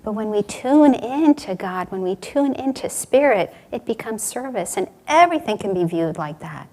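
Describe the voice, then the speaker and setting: A woman giving a spiritual talk, telling parables in a gently rhetorical manner. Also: medium pitch, animated, normal speed. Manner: warm storytelling, gently rhetorical. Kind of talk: sermon.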